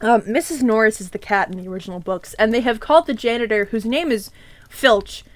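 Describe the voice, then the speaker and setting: Woman streamer, reading aloud, irreverent, swearing, giggly asides, high voice, dry close sound. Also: fairly quick, no echo.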